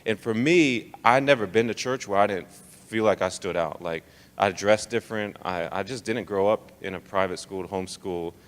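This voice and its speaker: A man's voice: on the low side, normal speed. A young man from Texas telling his life story to an audience in a casual, joking way. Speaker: speaker. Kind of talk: personal testimony talk. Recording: long hall reverb.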